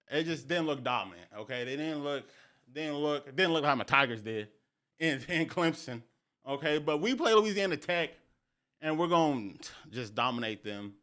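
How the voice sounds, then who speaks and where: High, lively young man talking sports. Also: clean tone. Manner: animated, slangy, repeats phrases for emphasis. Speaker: sports podcast host. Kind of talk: excited casual sports talk.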